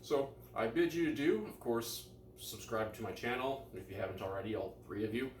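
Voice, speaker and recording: A man's voice: mid-range voice, normal speed, slight background noise. A man chatting casually through a home cooking experiment, laid-back and self-deprecating, with plenty of ums and uhs. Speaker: cooking vlogger. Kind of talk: casual vlog chat. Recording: echoey room, mic some distance away.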